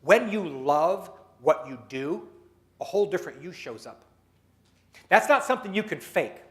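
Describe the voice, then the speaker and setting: High-voiced man giving a motivational talk. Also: animated, moderate pace, fairly bright tone. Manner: storytelling, leads the audience through exercises; acts out quoted people in his stories. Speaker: keynote speaker. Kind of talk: motivational speech at a dinner meeting.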